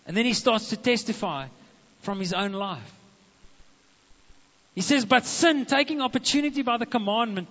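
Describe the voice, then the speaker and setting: A man, a pastor preaching a sermon in a church, animated and speaking straight to the congregation. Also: high-pitched. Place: church hall. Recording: dull muffled echoing hall recording.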